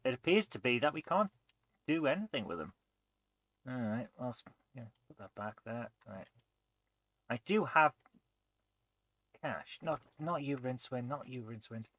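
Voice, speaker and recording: A man hosting a let's play, thinking aloud and muttering as he tries things, often trailing off quietly. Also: mid-range voice, expressive, normal speed, long pauses, dry recording. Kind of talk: gameplay commentary.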